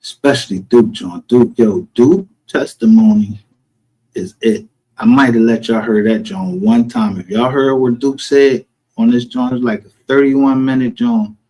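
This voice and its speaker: A man holds forth on a casual livestream, his voice husky and a little rough. He talks in a profane, heated, rambling way, jumping from one callout to the next with a confrontational edge. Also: mid-range voice, unhurried, dark tone, poor audio. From northern United States. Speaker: streamer. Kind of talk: casual ranting livestream commentary. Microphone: home streaming setup.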